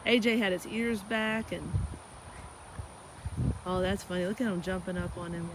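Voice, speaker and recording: A woman's voice: medium pitch, normal speed, background noise. A woman from Texas telling stories in a casual, chatty vlog, talking to the animals around her. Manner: chatty, storytelling, talks to animals. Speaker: chiropractor vlogger. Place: outdoors on a ranch and in a car.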